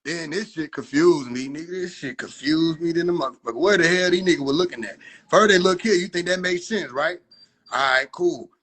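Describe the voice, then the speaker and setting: A young man, reacting to his own clips in casual, profane commentary, exasperated and often shouting in disbelief. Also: fairly high pitch, fairly quick, husky.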